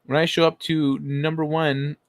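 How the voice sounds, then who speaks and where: A man's voice: a little high, flat delivery, normal speed, dry recording. A man hosting a casual livestream, reading chat messages aloud and answering them in a blunt, profane way.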